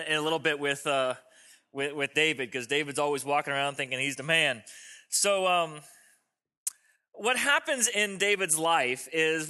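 A man's voice: on the high side, pushed and bright. A male pastor preaching a sermon to a congregation in a church, in a conversational style and joking with the listeners. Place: church sanctuary before a congregation.

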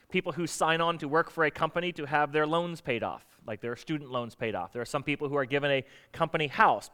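A man's voice: medium pitch, fairly bright tone, clear, resonant tone. A middle-aged man, a pastor from the United States, preaching a conversational sermon and acting out quoted voices.

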